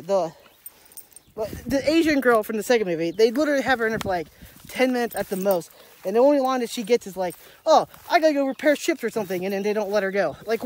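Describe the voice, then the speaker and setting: A young adult vlogger talks into a handheld camera while walking outside on a rural property, a little out of breath. The delivery rambles and chuckles, keeps losing track of names and circles back to the same complaints. The voice sits at an ordinary middle pitch. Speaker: daily vlogger. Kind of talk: casual rambling movie review.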